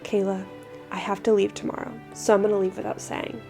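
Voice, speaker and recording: A woman voicing a gentle, quiet young male butler in an otome game. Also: mid-range voice, little pitch movement, a little fast, creaky, soft background music, pitched below the performer's own voice, close to an everyday voice. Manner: quiet and subdued.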